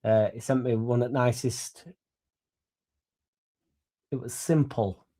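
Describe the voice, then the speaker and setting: A young man rambles through a loose, sweary live chat about football, a little drunk and laughing as he goes. His voice sits warm and mellow at a middle pitch, and he trails in and out of focus. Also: fairly even intonation, slow pace. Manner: rambling, sweary and laddish, laughing between lines. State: a bit drunk. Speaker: fan channel host. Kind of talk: casual livestream chat.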